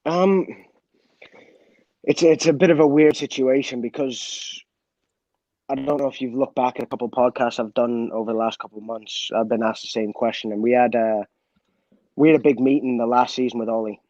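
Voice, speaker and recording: A former footballer being interviewed, telling a story candidly, with many restarts and quoted dialogue. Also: male voice, medium pitch, steady tone, moderate pace, a little mellow, dry recording, dull audio.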